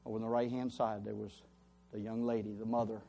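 A man as a pastor, preaching a sermon as an animated story with rising emphasis. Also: lowish voice, fast, gravelly.

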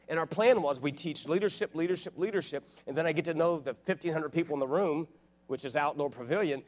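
A man in his forties giving a sermon as a guest preacher, earnest and full of restarts, growing fervent as he tells his stories. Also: a little high. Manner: earnest, rising to fervent and loud; halting restarts and repeated words. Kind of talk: sermon with personal storytelling. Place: church, live before a congregation.

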